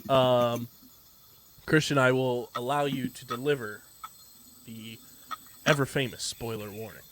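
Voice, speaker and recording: A man's voice: medium pitch, steady tone, measured pace, crowd noise. A male podcast co-host talking casually and enthusiastically, rambling with lots of filler words as he recaps a TV episode. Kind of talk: casual pop-culture podcast chat.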